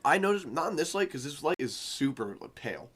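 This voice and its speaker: A man's voice: on the high side, sing-song, a little fast, a bit bright. A young man co-hosting a podcast, telling rambling stories in casual chat, swearing freely and laughing as he talks. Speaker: podcast co-host.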